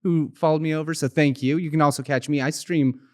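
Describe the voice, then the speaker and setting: A man's voice: a little high, steady tone, fairly quick, darkish tone, no echo, studio quality. A man talking as a guest on a podcast in casual, rambling, joking chat.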